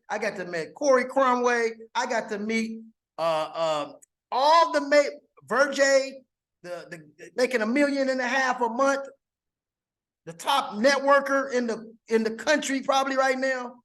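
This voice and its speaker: A network marketing promoter giving an excited testimonial, repeating phrases over and over for emphasis. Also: mid-range voice. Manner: excited and repetitive, stacking phrases. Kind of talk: enthusiastic testimonial monologue. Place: abroad on a trip.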